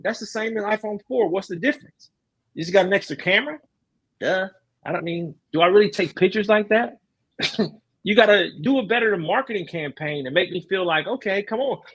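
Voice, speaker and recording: A man's voice: sits high, fairly bright tone, husky. A middle-aged man hosting a casual stream chat, ranting emphatically with slang. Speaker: streamer host.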